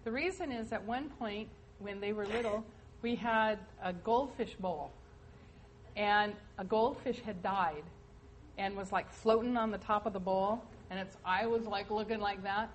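A middle-aged woman jumps in with an amused family anecdote, chatty and relaxed. Her voice sits in a mid range, with a faint hiss in the background. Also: mid-range voice, a little slow.

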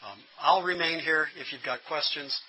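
A man's voice: a little high, moderate pace, sharp tone, a little hiss or hum, rough recording. A middle-aged man giving a workshop lecture to pastors, earnest and plain-spoken, often restarting his sentences. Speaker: instructor training pastors.

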